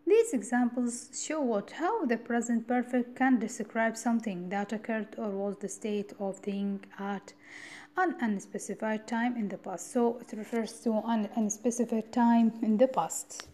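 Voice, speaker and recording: A woman's voice: a little high, a little slow, mellow. A woman from Iraq giving a university grammar lecture, explaining step by step, repeating key points and asking rhetorical "what?" questions. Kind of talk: recorded classroom lecture.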